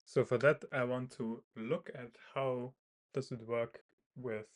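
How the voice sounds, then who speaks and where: Man, casual monologue, hesitant, restarts often, mid-pitched voice. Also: steady tone, slow. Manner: hesitant, many fillers and restarts. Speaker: video creator. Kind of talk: thinking aloud, casual monologue.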